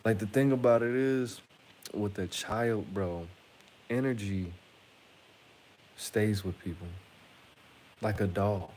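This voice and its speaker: Rambling, blunt man with a low voice. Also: slow, long pauses, darkish tone, a little hiss or hum. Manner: rambling, blunt, profane, frequent restarts. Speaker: channel host. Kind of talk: casual monologue to camera.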